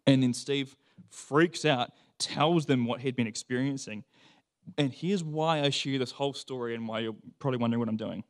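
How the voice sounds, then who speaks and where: A man preaching a sermon, reading scripture and then telling a story in a lively, conversational way, acting out quoted voices. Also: mid-range voice, moderate pace.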